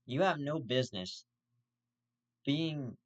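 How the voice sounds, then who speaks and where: Male vlog host with a mid-pitched voice, profane and indignant, pitch spiking when he gets worked up. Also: animated, slow pace, highs cut off. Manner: swears constantly, jumps in pitch when outraged.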